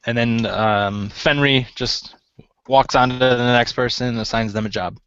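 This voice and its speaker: A man's voice: mid-range voice, fairly even intonation, moderate pace, fairly bright tone, clear, resonant tone, dry recording. A man narrating a tabletop game as game master, casual and loose, with many fillers. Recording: dry, dull lo-fi mic.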